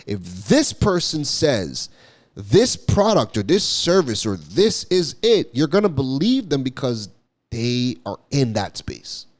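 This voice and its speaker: A marketing content creator from Toronto, Canada speaks with a Toronto accent, delivering emphatic commentary to camera. His mid-range voice has a darkish tone, and he repeats his points and often asks "right?"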